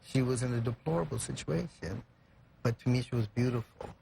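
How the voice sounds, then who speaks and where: A man's voice: medium pitch, a little fast, gravelly, warm tone, a little hiss or hum. A young man from California, a guest in a TV studio, telling an emotional story earnestly and reflectively, with many "you know" fillers. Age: young adult.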